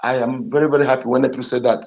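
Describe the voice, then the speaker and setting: A man's voice: medium pitch, little pitch movement, racing, creaky, a little mellow. A man with a Nigerian Igbo accent speaking in an online discussion, emphatic and repetitive, with frequent restarts. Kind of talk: impassioned political talk.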